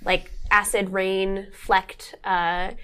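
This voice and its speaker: A woman's voice: medium pitch, flat delivery, extremely slow, a bit bright, clear, resonant tone. A woman narrating a tabletop horror game as game master, meandering with many fillers. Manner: meandering, lots of fillers and restarts.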